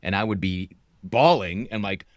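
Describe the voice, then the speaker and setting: A man's voice: on the low side, normal speed, dry recording, clean studio sound. A middle-aged man hosting a podcast, asking open, searching questions and sharing his own experience. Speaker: podcast host. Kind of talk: podcast interview.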